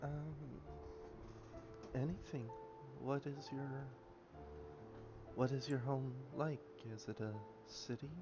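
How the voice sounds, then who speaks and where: A man voicing a gentle, worried young woman adventurer who speaks softly and hesitantly in a tabletop game. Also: medium pitch, fairly even intonation, slow pace, pauses often, pitched above the performer's own voice, natural voice. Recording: muffled lo-fi with music behind.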